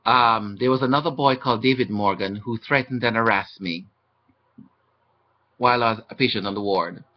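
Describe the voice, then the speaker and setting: A man talking to his webcam, recounting his mistreatment as a hospital patient in an aggrieved, indignant manner. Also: normal speed. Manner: aggrieved, indignant, acting out quoted exchanges. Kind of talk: webcam testimony monologue. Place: indoors. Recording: dull low-fi webcam audio.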